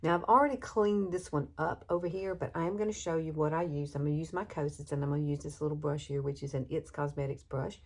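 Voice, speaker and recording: A woman's voice: low-pitched, fairly even intonation, quick pace, hardly any pauses. A woman in her sixties talking through a makeup tutorial at home in a chatty, folksy way, her voice leaping up for emphasis. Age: 60s. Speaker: beauty vlogger.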